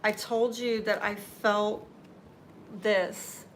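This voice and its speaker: A woman reads tarot cards live at a slow, deliberate pace, her voice teary-eyed. She talks straight to the viewer in a reassuring way. A faint hum sits under her voice. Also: mid-range voice, level tone. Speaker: tarot reader.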